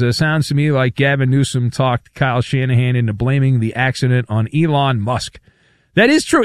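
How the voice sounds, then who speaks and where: A man's voice: mid-range voice, dry recording, studio quality. Sarcastic male radio host. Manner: sarcastic, teasing. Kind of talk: casual call-in radio talk.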